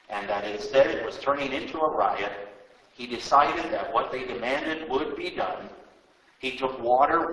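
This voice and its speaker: A man giving a dramatic, expressive reading of scripture. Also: medium pitch, recorded from a distance. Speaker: reader. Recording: roomy sound, away from mic.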